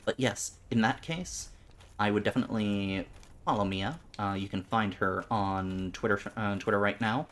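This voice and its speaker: A man's voice: lowish voice, normal speed, a bit bright, slight background noise. A man streaming live, chatting casually with his viewers in a rambling way, often stumbling and repeating words.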